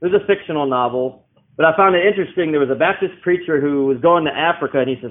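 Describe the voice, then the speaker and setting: A man's voice: a little high, quick pace. A man preaching a Bible-teaching sermon, explaining verses and asking rhetorical questions. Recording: tinny phone-like sound.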